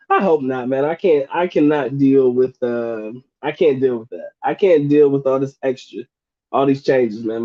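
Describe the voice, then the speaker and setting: A man's voice: mid-range voice, dry recording. Joking slangy man on a dull stream. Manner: joking, slangy, laughs often. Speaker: livestream host answering chat questions. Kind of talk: casual live Q&A chat.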